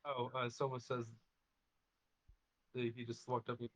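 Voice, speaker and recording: A man's voice: mid-range voice, completely flat delivery, measured pace, a bit bright, muffled recording. A man taking part in a tabletop role-playing game, talking in a hesitant, filler-heavy way. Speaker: player. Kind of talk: casual tabletop play.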